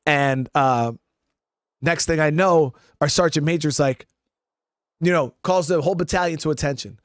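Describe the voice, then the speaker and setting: A man's voice: on the high side, expressive, normal speed, no echo, studio quality. A Marine veteran telling a story in a casual, rambling way, swearing often and calling his listeners guys. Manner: profane, rambling, keeps addressing listeners as guys.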